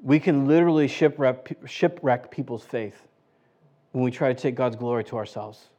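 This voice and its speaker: A man's voice: medium pitch, fairly even intonation, normal speed, warm tone, highs cut off. A man preaching a casual sermon as pastor, chatty, full of rhetorical questions and restarts. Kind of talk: conversational sermon.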